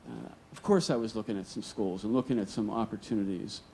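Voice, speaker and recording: A man's voice: lowish voice, fast talker, warm tone, slight background noise. Male live storyteller, earnest and vivid, voices the dialogue himself. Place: stage at a museum storytelling event.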